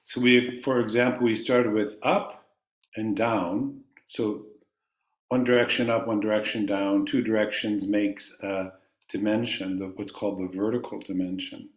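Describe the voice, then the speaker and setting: A man teaching a chanting class, calmly explaining ideas and singing long vowels for his students to repeat. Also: lowish voice, measured pace, echoey room.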